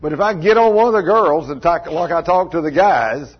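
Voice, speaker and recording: A man's voice: fairly high pitch, normal speed, breathy edge. A man preaching a folksy sermon, chuckling often and calling on congregation members by name. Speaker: pastor. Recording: dull lo-fi church recording.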